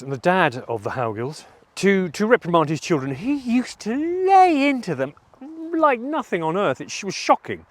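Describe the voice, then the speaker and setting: A middle-aged man speaking in a personal vlog monologue, candid and self-reflective with a halting delivery. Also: fairly high pitch, dry recording. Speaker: vlogger.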